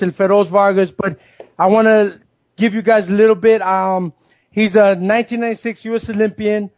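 A man's voice: sits high, dry recording, lo-fi sound. A male host chatting casually with a guest, laughing often and dropping in Spanish words. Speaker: show host. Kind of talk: casual interview chat.

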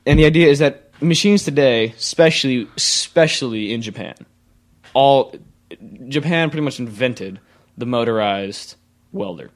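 A man's voice: mid-range voice, moderate pace. A man co-hosting a casual chat, pushy and rambling, often restarting his sentences. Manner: rambling, pushy, restarts and stutters when excited. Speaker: podcast co-host.

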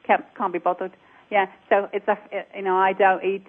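A woman's voice: medium pitch, a little fast. Cockney woman, accent coach on phone. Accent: English, Cockney. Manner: animated, repeats herself, demonstrates sounds. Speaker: accent coach, radio guest. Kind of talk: radio interview. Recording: tinny phone-like line.

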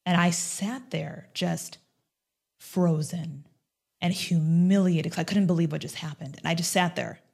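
A woman's voice: fairly low pitch, a little slow, gravelly, breathy edge. A middle-aged woman, a former TV news host, telling a personal story with animation and acting out the dialogue. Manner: animated, acts out quoted dialogue.

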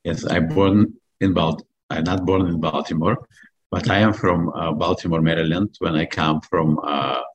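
A middle-aged man from Belarus with a Belarusian accent, a guest answering interview questions earnestly and with hesitant pauses. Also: deep voice, fairly even intonation, muffled recording.

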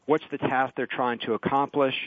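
Measured man on a tinny phone line. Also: mid-range voice, level tone, dry recording. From California. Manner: measured, explanatory. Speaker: guest panelist. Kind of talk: remote radio interview.

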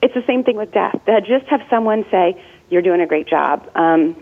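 A woman's voice: medium pitch, animated, moderate pace. A woman in her forties, a death doula and former nurse, giving earnest, chatty interview answers full of "like"s. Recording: tinny phone-line sound.

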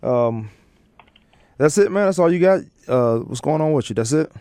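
A man's voice: fairly high pitch, animated, normal speed, dark tone, smooth, dry recording, clean studio sound. Easygoing male sports radio host. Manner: loose, joking, with many fillers and restarts. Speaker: sports talk show host. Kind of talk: casual sports radio chat.

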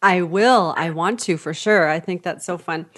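A woman's voice: lowish voice, normal speed, a bit bright. A woman from Canada hosting an interview, chatting casually, laughing often and acting out voices in her anecdotes. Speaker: podcast host, interviewer.

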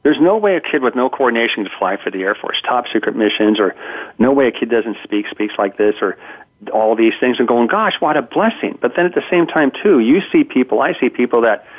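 Over a thin-sounding phone connection, a fifties-aged man speaks fairly quickly at a medium pitch, sounding animated. As an interview guest he tells stories in a conversational way, performing the quotes and frequently stumbling into stammered restarts.

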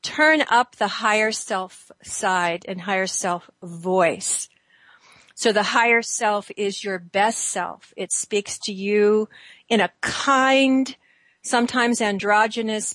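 A woman with a mid-range voice leads a gentle guided exercise, drawing out her phrases in a soothing way. The sound is dry and close, with no room echo. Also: medium pitch. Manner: slow, soothing guidance with drawn-out phrases. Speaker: host. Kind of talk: guided exercise on a talk show.

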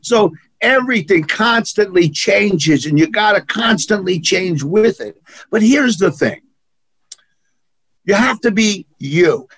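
Here the New York-accented actor and martial arts instructor speaks slowly yet animatedly, his high voice a bit bright and slightly rough. As an interview guest, he tells stories emphatically, repeating phrases for effect, with no room sound behind him.

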